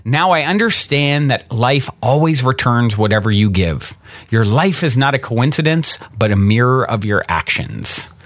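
A man reading as a gentle, wise father. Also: mid-range voice, a little slow, dry recording. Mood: earnest. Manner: calm, earnest, instructive. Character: wise, gentle father teaching his son. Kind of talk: reading a short story aloud.

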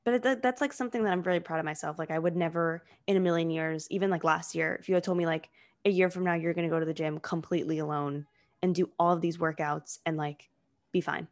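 A young woman with a lowish voice and fairly even intonation talks quickly while co-hosting a podcast. The conversation is casual and chatty, and she packs her sentences with "like".

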